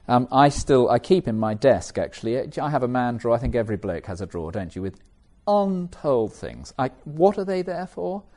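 Mellow-voiced English man preaching. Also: mid-range voice, measured pace, pauses often. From England. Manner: animated, conversational, with self-mocking asides. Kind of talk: sermon.

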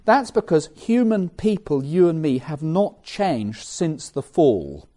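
Middle-aged English preacher, mellow warm voice, animated conversational sermon delivery. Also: male voice, a little high, slow. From England. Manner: animated, conversational, with self-mocking asides.

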